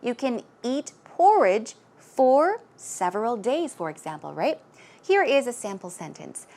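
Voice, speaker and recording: A woman's voice: fairly high pitch, sing-song, a little slow, a little mellow. A woman teaching English vocabulary, patiently repeating words so learners can practise pronunciation. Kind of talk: explaining vocabulary in a lesson.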